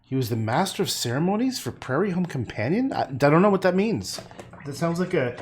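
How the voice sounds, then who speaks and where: A man's voice: fairly high pitch, big pitch swings, brisk, a little mellow, slight background noise. A man painting on a livestream, rambling, joking and swearing as he talks to his chat.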